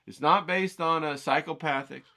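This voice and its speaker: This art livestream host has a gravelly, bright voice on the high side and a forceful tone, moving at a moderate pace. He drifts from topic to topic in a casual, folksy ramble, often saying "you know what I'm saying."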